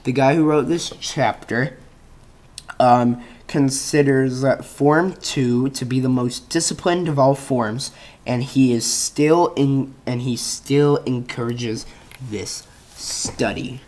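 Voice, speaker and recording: A man hosting his channel, reading a reference page aloud in a halting way, stumbling and restarting words, with offhand asides between passages. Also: medium pitch, a little mellow. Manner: halting reading with frequent restarts and self-corrections. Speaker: channel host.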